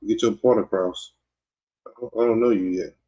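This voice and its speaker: A podcast host from Mississippi with a Southern accent rambles and teases in a casual livestream chat, full of fillers and restarts. His voice is lowish, dark and breathy, with a steady tone and moderate pace. The sound is dull and lo-fi.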